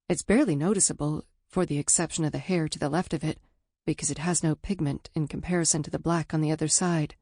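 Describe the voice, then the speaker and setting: Woman reading an audiobook in first person, low warm-dark voice, dry close studio sound, candid and intimate. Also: fairly even intonation, normal speed, husky, dry recording. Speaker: audiobook narrator.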